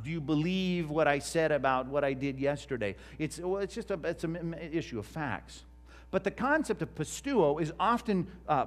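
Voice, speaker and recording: A man, a pastor giving a conversational teaching sermon to a live congregation and asking them questions. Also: fairly high pitch. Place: church before a live congregation.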